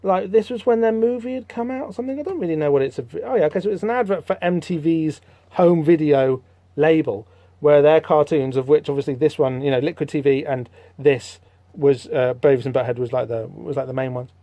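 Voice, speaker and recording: A man hosting a podcast, rambling through a comic book issue in casual, animated commentary with lots of fillers. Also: on the high side, a little fast, no echo, highs cut off. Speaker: podcast host.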